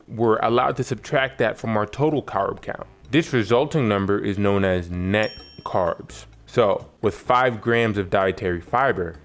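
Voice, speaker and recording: A man from New York narrating a cooking tutorial with wry, joking asides. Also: lowish voice. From New York, United States. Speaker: cooking channel host.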